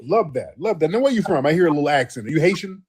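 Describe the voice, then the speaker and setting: A man hosting a live call-in show, talking loosely and emphatically with drawn-out affirmations. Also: a little high, lively intonation, darkish tone. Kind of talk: casual live call-in talk.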